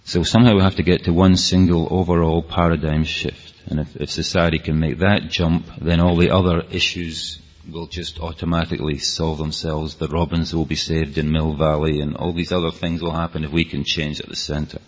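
With a bass voice showing little pitch movement, this Scottish-accented man talks a little fast and with few pauses. His talk to the audience is earnest and rambling, full of restarts, recorded lo-fi and dull in a hall.

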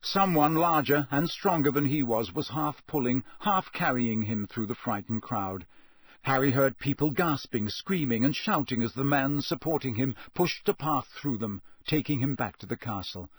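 A man narrating an audiobook in a measured, steady storytelling manner. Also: mid-range voice, husky, no echo, studio quality.

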